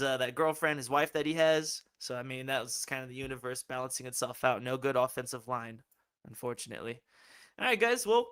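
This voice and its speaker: A young man with a somewhat high voice hosts a live football fan stream. His talk is loose and chatty, full of slang and casual swearing. It is an easygoing live-stream conversation with his viewers. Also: a bit bright. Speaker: host of a fan football livestream.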